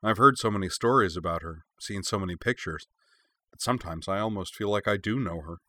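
A man voicing a gentle young man who talks quietly and reflectively. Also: low-pitched, a little fast, slight background noise. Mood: wistful.

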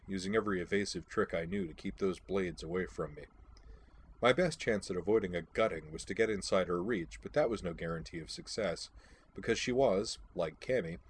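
A man's voice: sits low, a little hiss or hum. A man reading a first-person audiobook, telling the story in a wry, dry-humored way.

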